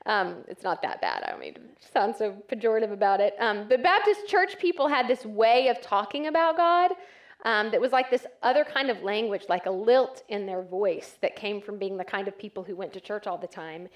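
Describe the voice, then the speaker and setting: A woman's voice: mid-range voice, lively intonation, fairly quick. Chatty woman speaker, lots of ums. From West Texas. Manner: chatty, self-deprecating, frequent ums. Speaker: church speaker. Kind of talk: conversational talk to an audience.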